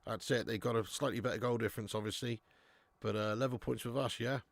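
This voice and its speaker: A man's voice: medium pitch, steady tone, fast talker, creaky, no echo. An English man hosting a live football watch-along, chatting casually with viewers and reading out their comments. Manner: laughs often, calls people mate.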